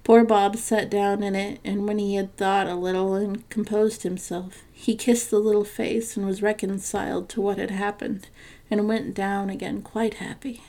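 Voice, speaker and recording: A woman narrating a classic story for a podcast in a measured, gentle reading. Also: mid-range voice, level tone.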